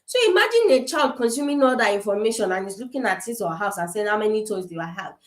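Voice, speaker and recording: A woman's voice: medium pitch, animated, fast talker. Woman from africa talking to parents on a webcam, earnest, lots of restarts, bit echoey. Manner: earnest, repeats points, frequent fillers and restarts. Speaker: summit speaker on parenting. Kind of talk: casual online talk to parents. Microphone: webcam on a video call.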